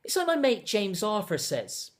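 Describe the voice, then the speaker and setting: A young man delivering a deadpan, rambling comedic monologue as a self-absorbed character. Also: sits high, normal speed.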